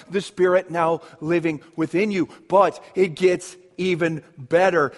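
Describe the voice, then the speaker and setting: High, lively-voiced male preacher. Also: big-room sound. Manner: emphatic preaching with drawn-out pauses. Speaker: pastor. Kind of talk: sermon.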